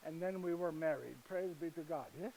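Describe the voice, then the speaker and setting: An actor playing a humble, earnest Saint Joseph in a live monologue, speaking halting, slightly broken English directly to his listeners. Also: on the high side, creaky, darkish tone, slight background noise, rough recording. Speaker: actor in first-person monologue. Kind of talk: live dramatic monologue to an audience. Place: retreat gathering with live audience.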